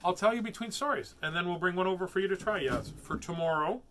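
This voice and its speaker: A man with a bright, forceful voice sitting a little higher than most, chatting in a silly, rambling way. He then reads picture books aloud as host of a children's story show. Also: fast talker, slight background noise. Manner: playful and silly, rambling asides. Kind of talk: casual chat and picture book reading.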